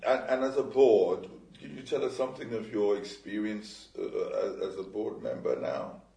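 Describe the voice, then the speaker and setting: Deep-voiced man, far off in an echoey room. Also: gravelly, warm tone. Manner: halting, searching for words. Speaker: interviewer. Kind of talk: interview questions. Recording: roomy and distant from the mic.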